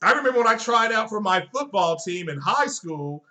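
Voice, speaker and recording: High, bright-voiced man ranting bluntly. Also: very animated, normal speed. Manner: blunt, profane and joking, chuckles often. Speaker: live-stream host. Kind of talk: casual live-stream rant.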